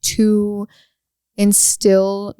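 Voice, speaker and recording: A woman's voice: medium pitch, completely flat delivery, very slow, mellow, clean tone, no room sound. A young woman co-hosting a podcast, chatting casually and slipping into Spanish phrases now and then. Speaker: podcast co-host. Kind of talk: casual chat.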